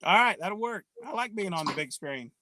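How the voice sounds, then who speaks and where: A man guest on a live interview, answering in a relaxed, plain-spoken way over a video call. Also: high-pitched, a little fast, a crowd in the background, low-quality recording. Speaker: guest angler.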